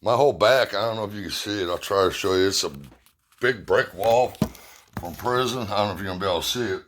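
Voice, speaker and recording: A man's voice: on the low side, fast, a bit bright. A middle-aged man casually telling rambling, profane, self-mocking stories and jokes to his viewers. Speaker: vlogger. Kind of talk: casual storytelling.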